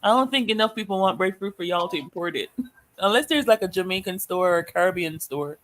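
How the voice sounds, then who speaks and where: A woman's voice: lowish voice, lively intonation, brisk, dry recording. A woman co-hosting a livestream, chatty and laughing easily in casual conversation. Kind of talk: casual live-stream chat.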